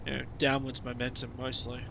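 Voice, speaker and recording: A man's voice: medium pitch, completely flat delivery, brisk, creaky, noisy background. An Australian man chatting casually over his gameplay stream, rambling and swearing with sarcastic asides.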